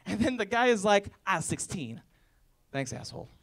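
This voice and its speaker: A man in his twenties performs stand-up at a college, his high voice swinging widely in pitch at a moderate pace with a fairly bright tone. He delivers stories and impersonates family members and strangers for a laughing crowd.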